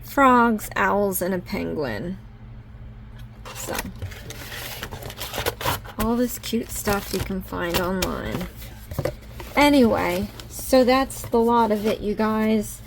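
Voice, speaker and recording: A woman crafting vlogger talking through a casual unboxing haul, gushing and easily excited over each item. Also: mid-range voice, slow pace, gravelly, long pauses, background noise.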